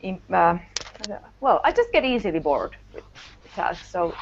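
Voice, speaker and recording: A woman talking in a casual online discussion, speaking hesitantly and haltingly with many restarts. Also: lowish voice, sing-song. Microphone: video call. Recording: dull lo-fi call audio.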